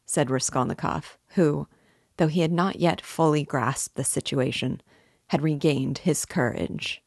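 A woman reading a novel aloud in a steady, clear narration. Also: low-pitched, a little slow, no room sound, studio quality. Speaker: book reader. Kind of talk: audiobook narration.

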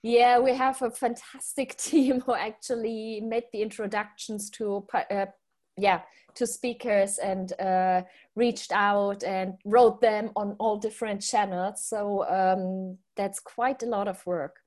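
A woman's voice: medium pitch, steady tone, slow pace, darkish tone. A woman co-hosting a conference, casually walking through the schedule in an orderly way. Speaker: conference co-host. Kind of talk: casual chat.

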